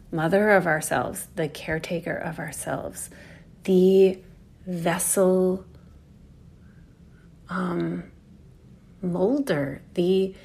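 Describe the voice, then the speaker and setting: A woman's voice: on the low side, vocal fry, darkish tone, husky. A woman giving a reflective, earnest spiritual talk about astrology, casually swearing and acting out inner voices. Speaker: astrology speaker.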